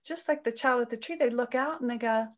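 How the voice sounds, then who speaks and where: In an interview, a parenting coach explains things in a gentle, soothing way, speaking fast. Whenever she acts out quoted voices, her pitch jumps up sharply.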